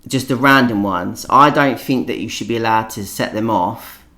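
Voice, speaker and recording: A young man with a Cockney accent, co-hosting a podcast in casual chat, talking fast with lots of fillers and restarts. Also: fairly low pitch, sharp tone. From England. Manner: chatty, ranting, lots of likes and restarts. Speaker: podcast co-host.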